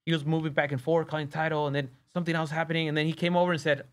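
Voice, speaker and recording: Animated man telling stories. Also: a little high, racing, few pauses. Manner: animated, acts out quoted dialogue. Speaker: podcast guest, real estate wholesaler. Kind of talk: casual storytelling.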